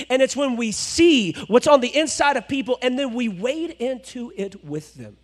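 A male pastor preaching a sermon, swinging between loud exhortation and hushed, low asides. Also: big pitch swings, normal speed, few pauses.

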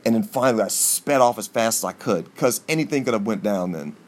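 Profane, animated male podcast storyteller. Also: a little fast. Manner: animated, profane, jumps in pitch for emphasis. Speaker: podcast host. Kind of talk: profane comic storytelling monologue.

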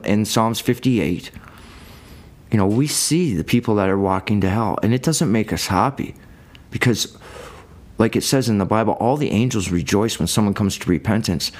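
A man preaching a sermon, reading verses and explaining them in a loose, conversational way. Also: lowish voice. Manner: colloquial, conversational Bible teaching.

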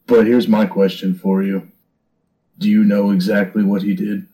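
A man playing his character in a tabletop game, talking in a steady, firm, reasoning way. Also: on the low side, moderate pace, poor audio. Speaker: player.

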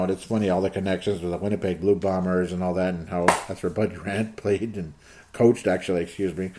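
A man's voice: deep voice, expressive, moderate pace, a little mellow, slightly rough. A man hosting a fan podcast, reading listener comments aloud in a casual, joking way and laughing often. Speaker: podcast host.

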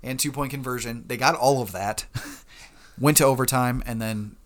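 A young man with a medium-pitched voice co-hosts a casual fantasy football podcast at a moderate pace. He's laid-back, chuckling often as he reads stats aloud.

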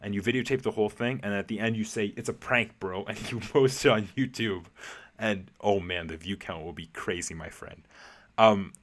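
A man's voice: fairly low pitch, fairly even intonation, normal speed. A young adult man hosting a podcast, answering a listener's voice message in a playful, rambling way with frequent laughs and fillers. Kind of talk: casual, rambling monologue.

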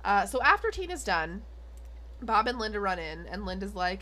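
A woman's voice: medium pitch, very animated, moderate pace, sharp tone, a little hiss or hum. A young adult woman co-hosting a podcast, recapping an episode in casual chat with lots of fillers and giggles. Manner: rambling with many fillers and giggles. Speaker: podcast co-host.

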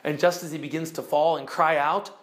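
A man retelling a children's book aloud in an expressive, animated way, swinging between loud bursts and hushed lines. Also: a little high, fairly quick. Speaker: storyteller.

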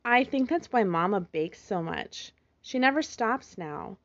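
A woman's voice: medium pitch, lively intonation, measured pace. A woman voicing a young boy fox kit, an anxious older brother who talks in an earnest, fretful way, in a slightly muffled recording. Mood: glum.

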